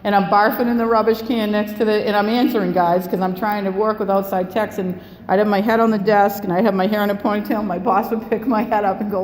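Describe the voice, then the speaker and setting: A woman's voice: medium pitch, fairly even intonation, fast, darkish tone. Candid New woman in an echoey hall. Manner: candid, blunt and profane, laughing between lines. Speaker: recovery meeting speaker. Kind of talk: personal story told to a live audience. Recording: echoey hall with long reverb, faint room hum.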